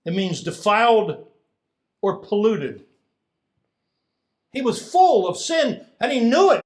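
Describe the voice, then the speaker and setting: A man preaching a sermon as pastor, animated, swinging from hushed lines to loud emphatic ones. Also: sits high, slow.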